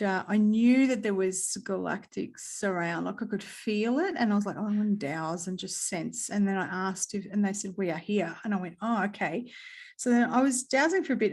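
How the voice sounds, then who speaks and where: A woman with an Australian accent, chatting casually as a guest and telling a story in an animated way, acting out what people said and swearing freely. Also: mid-range voice. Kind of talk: casual chat.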